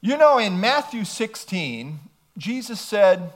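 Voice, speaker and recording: A man's voice: high voice, sing-song, slow pace. A man preaching a sermon, emphatic and throwing rhetorical questions at his listeners.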